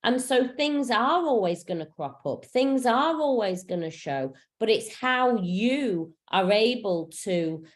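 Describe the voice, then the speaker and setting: A woman's voice: on the high side, animated, slow pace, hardly any pauses. Chatty woman spiritual coach on a video call. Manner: frank and chatty, swears freely, many fillers. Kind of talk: casual spiritual teaching.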